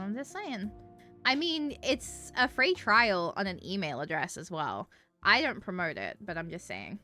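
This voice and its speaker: A woman's voice: fairly high pitch, bright, forceful tone. A woman streamer chatting casually, giggling often and swearing freely.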